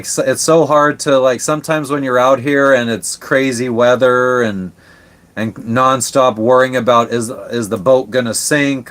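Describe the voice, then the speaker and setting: A man's voice: medium pitch, a bit bright. A man hosting a live stream from his sailboat, chatting casually with viewers, laid-back and rambling, swearing freely. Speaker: livestream host answering chat.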